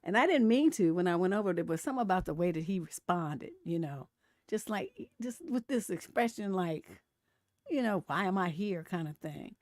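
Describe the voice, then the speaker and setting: A woman's voice: lowish voice, expressive, normal speed, darkish tone, no room sound, clean studio sound. A middle-aged woman, a relationship coach, hosting a casual live stream, telling stories bluntly with a lot of profanity and laughter. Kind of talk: casual livestream commentary.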